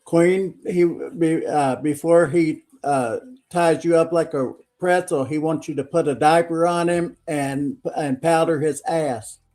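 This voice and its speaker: Man, panel guest, teasing, halting, mellow, slightly raised pitch. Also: fairly even intonation. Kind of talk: casual livestream banter.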